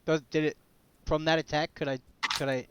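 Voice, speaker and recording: A man playing a character in a tabletop horror game, animated and laughing often. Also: fairly high pitch, fairly quick, clean tone, no echo. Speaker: player. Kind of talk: tabletop role-play, in and out of character.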